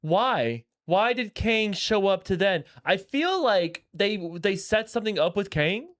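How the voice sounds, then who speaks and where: Male podcast co-host with a high voice, joking, halting delivery. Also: big pitch swings, fairly bright tone. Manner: playful, quick to joke, halting restarts. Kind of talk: casual chat.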